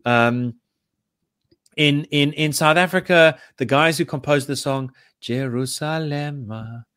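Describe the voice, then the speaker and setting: A man's voice: a little high, slow, a bit bright, clean tone, no echo, studio quality. A man chatting casually on a podcast, rambling with lots of restarts as he explains. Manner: rambling, many fillers and restarts. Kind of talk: casual chat.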